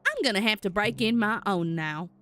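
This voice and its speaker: A woman's voice: mid-range voice, lively intonation, pushed and bright, soft background music. A woman voicing a snippy young female rabbit with a put-on country twang in a game. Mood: huffy. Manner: snippy, sulky, quick to take offense. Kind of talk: voice acting a game character.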